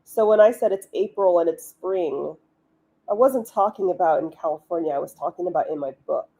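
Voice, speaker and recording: Mellow-voiced chatty woman streamer. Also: fairly low pitch, fairly quick, husky. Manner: chatty, giggly, many "like" fillers. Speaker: livestream host, author. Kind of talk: casual live-stream chat.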